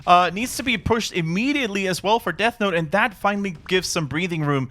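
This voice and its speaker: A man giving excitable, dramatic play-by-play commentary on a live strategy game match. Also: sits high, brisk. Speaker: esports caster.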